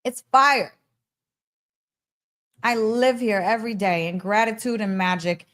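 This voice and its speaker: A woman's voice: mid-range voice, unhurried, fairly bright tone. A woman hosting a podcast, giving a casual, heartfelt spiritual pep talk, laughing often and speaking emphatically. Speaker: podcast host.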